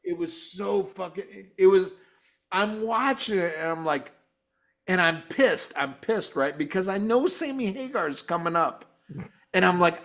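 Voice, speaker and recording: A man with a high, animated voice hosts a live show, taking his time as he reviews a concert. Exasperated and mocking, he rants and swears nonstop, loudly imitating the singers and guitars.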